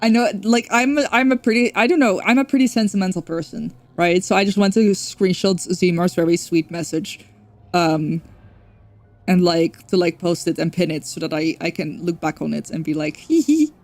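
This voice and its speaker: A woman's voice: on the low side, steady tone, normal speed, darkish tone. A young woman streaming a game, chatting casually and rambling, correcting herself and swearing now and then. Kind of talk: casual livestream chat.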